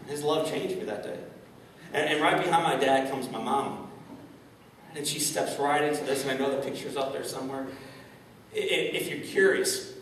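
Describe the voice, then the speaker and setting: A man's voice: medium pitch, normal speed, fairly bright tone, far from the mic. Guy giving a motivational talk, big echoey hall, mic set back a bit, faint room hum. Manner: storytelling, addresses audience directly. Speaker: motivational speaker. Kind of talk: inspirational keynote speech. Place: large event hall.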